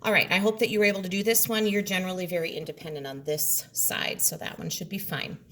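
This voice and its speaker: A woman's voice: on the low side, fairly even intonation, quick pace, a bit bright. A woman teaching a remote classroom lesson from home, explaining patiently step by step.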